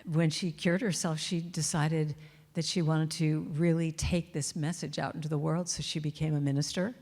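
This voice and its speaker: A middle-aged woman with a lowish, creaky voice is the guest speaker and singer at a church, giving a sermon with sung chants. She tells warm stories and softly sings lines of her chants, her voice carried by the long reverb of the church sanctuary.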